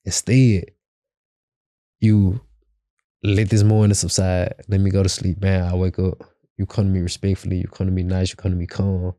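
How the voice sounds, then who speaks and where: A man's voice: sits low, little pitch movement, moderate pace, warm tone, no echo, clean studio sound. A young man hosting a podcast, giving blunt relationship advice in slangy casual talk and acting out both sides of an argument. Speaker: podcast host.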